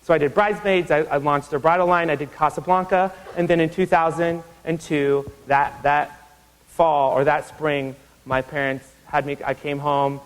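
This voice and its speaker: This low-quality recording, with a long reverb tail, catches a man at normal speed giving a university lecture in a lecture hall. The guest lecturer, in his thirties and from Iowa, animatedly tells stories and quotes people with large swings in pitch.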